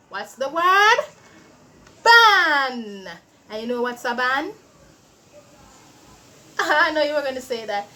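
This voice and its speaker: High lively woman, children's phonics lesson, very slow sounding out, bright voice. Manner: slow, drawn-out sounding out of letters; animated, cheering teacher voice. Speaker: early-reading teacher.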